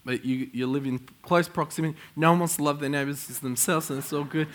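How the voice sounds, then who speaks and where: A middle-aged man preaching a sermon to a congregation, telling stories with excitable energy and frequent chuckles. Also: a little high, fast talker. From Australia. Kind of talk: sermon with storytelling. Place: church in front of a congregation.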